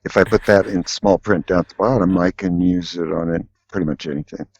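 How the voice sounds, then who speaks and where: A man, a guest artist, telling anecdotes in a casual, animated way and acting out voices in his stories. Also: sits low, a little fast, no echo. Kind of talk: casual storytelling. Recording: dull lo-fi dry sound.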